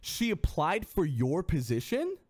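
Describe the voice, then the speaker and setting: A male streamer in casual chat, animated, swearing freely and often restarting his sentences. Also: a little high, unhurried, slightly rough.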